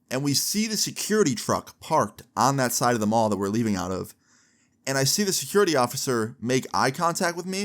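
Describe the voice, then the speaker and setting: A young man recounting a story to camera in a loose, casual way. He swears freely and fills his sentences with "like" and "right?". His voice sits at an ordinary middle pitch. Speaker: storytime vlogger.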